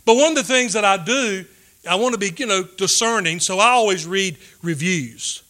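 A man delivers a sermon in a high voice. His tone is bright and forceful. He swings between loud emphasis and quiet, hushed asides. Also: normal speed. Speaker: pastor.

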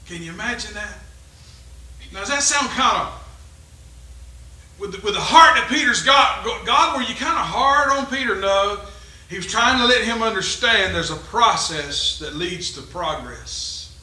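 A male pastor with a high, piercing, very bright voice, preaching. He rises to loud emphatic peaks and drops to hushed low asides. The sound carries in a roomy, echoey church hall. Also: moderate pace. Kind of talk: sermon.

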